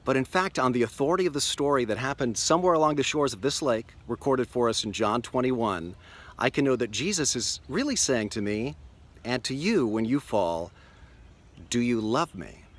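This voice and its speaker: A pastor giving a daily video devotional outdoors on a lakeshore beach, telling the story earnestly and slowing down for emphasis. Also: male voice, medium pitch, lively intonation, fairly bright tone.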